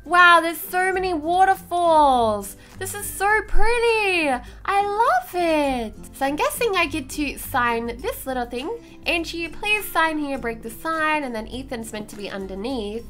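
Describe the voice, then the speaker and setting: A young woman hosting a gaming video, giving casual commentary as she tours players' builds, bubbly and gushing with frequent gasps of excitement. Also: high voice, unhurried. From Australia. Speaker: gaming channel host. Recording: light background music.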